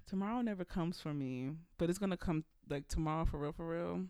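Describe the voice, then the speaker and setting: Woman podcast host, gravelly but smooth voice, playful chatty vibe, talks to y'all. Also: sits low, fairly quick, few pauses, darkish tone, no echo, studio quality. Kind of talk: casual chat. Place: indoors, at home.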